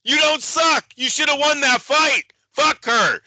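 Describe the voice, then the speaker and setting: A man's voice: very high voice, unhurried, bright, forceful tone, no room sound, poor audio. A man co-hosting a boxing podcast, ranting in heated, profane casual chat. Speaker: boxing show co-host.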